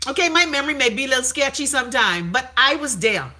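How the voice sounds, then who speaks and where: A brash, gossipy woman hosts a live stream and reads out viewer comments in a casual, profane chat. Her voice sits fairly high and sounds bright and sharp, and it jumps up dramatically when she reacts. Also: lively intonation, quick pace.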